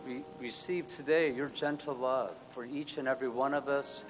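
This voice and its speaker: A male pastor leading an earnest spoken prayer, moving between hushed and loud passages. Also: medium pitch, steady tone, normal speed. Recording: long hall reverb, soft music.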